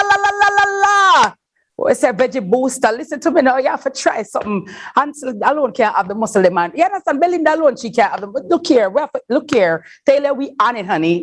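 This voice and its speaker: Woman event host, lower voice, exuberant and preachy. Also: a little mellow. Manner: exuberant, sing-song, preachy. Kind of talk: lively event hosting.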